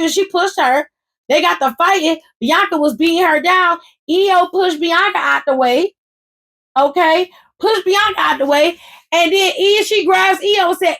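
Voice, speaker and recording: A woman hosting a casual wrestling recap, telling it in an animated, profane, sassy way with frequent asides to her listeners. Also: high-pitched, moderate pace.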